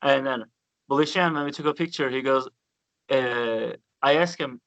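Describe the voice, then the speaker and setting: A man with a bright, forceful voice tells loose stories in casual chat, circling back and restarting his sentences and calling the host "dude". The sound is close and dry, with no room around it. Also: medium pitch, normal speed, dry recording, poor audio. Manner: rambling anecdotes full of restarts, "dude" and "man". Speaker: guest bassist.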